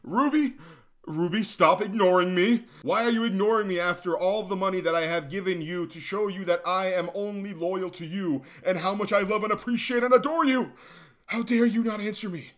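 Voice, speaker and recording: A man voicing an obsessed, lovesick young man who reads his own pleading messages in a high, whiny voice. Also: normal speed, fairly bright tone. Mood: indignant.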